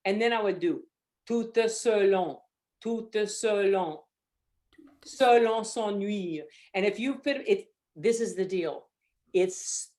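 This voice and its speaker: A middle-aged woman coaching a student singer in a masterclass, encouraging and demonstrating phrases aloud over a video call. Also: lowish voice. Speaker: voice teacher leading a masterclass.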